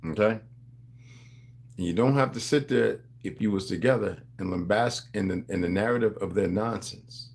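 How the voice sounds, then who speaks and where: A man's voice: lowish voice, moderate pace, vocal fry, darkish tone. A man hosting a livestream, talking in a loose, rambling monologue. He preaches to his viewers in street slang and calls them beloved. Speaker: livestream host.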